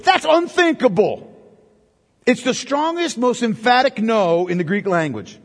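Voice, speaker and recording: A man preaching an expository sermon, emphatic, with rhetorical questions that build to forceful peaks. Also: extremely high pitch, long reverb tail.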